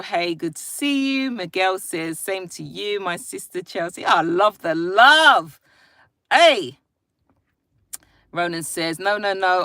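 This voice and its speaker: A woman's voice: medium pitch, dry recording, clean studio sound. Chatty mum greeting her live-stream viewers. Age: adult, a parent. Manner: chatty, warm greetings to each viewer, free-flowing. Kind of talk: casual chat reading viewer comments. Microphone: phone live stream.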